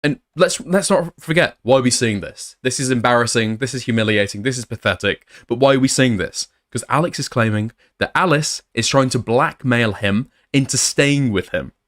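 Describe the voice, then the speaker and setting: A man's voice: medium pitch, moderate pace, few pauses, a bit bright. Blunt man reading out messages. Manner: sarcastic, blunt, swears. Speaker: commentator.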